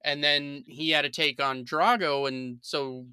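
A man's voice: fairly high pitch, fairly even intonation, a little slow, bright, forceful tone, clear, resonant tone, dry recording, studio quality. A man talking as a guest on a film podcast in a chatty way, with many uhs and restarts. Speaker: podcast guest and news writer. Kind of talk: casual podcast chat.

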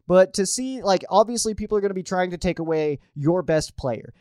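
A man's voice: high-pitched, animated, fairly quick, dark tone, dry recording, clean studio sound. A man hosting a sports show, talking casually and chattily with frequent restarts. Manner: chatty, restarts often, uses fillers. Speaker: sports podcast host. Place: at home.

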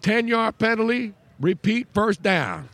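A man's voice: high voice, lively intonation, a bit bright, dry recording, pitched above the performer's own voice, heavily acted. A man voicing a male football referee who announces penalties in a Southern drawl, raising his voice to do it. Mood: officious. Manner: announcing penalty calls in a slow twang.

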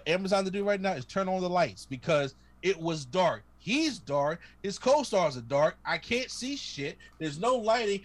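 A man chatting on a podcast, telling stories in an animated way and acting out his own reactions. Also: sits high. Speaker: podcast co-host. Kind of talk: casual chat.

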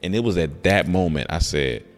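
A man's voice: deep voice, moderate pace. A man in casual conversation, telling a personal story and acting out the voices of the people in it. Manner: animated storyteller, acts out voices in quotes. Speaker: guest, comedian.

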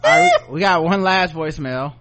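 A man hosting a podcast, joking and animated in casual chat. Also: high-pitched, a little fast, heavy background noise. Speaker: podcast host.

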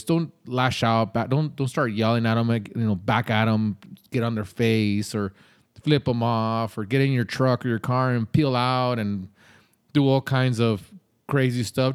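A man's voice: mid-range voice, clean tone. A man hosting a podcast, giving casual advice in a blunt, conversational way with some mild swearing. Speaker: podcast host.

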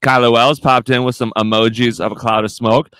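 A man's voice: medium pitch, flat delivery, fairly quick, a bit bright, smooth, no echo. A man hosting a casual podcast, rambling and swearing through a story. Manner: rambling, swears a lot, laughs at own stories. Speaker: podcast host. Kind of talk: casual profane chat.

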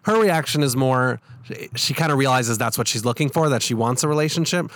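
Fast-talking male podcast host. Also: medium pitch, lively intonation, fairly bright tone, dry recording. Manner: quick and eager, acting out quotes. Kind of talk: casual chat.

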